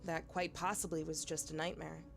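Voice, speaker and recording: A woman's voice: sits low, flat delivery, moderate pace, vocal fry, faint music behind. A woman narrating a tabletop horror game as game master, hesitant with many fillers.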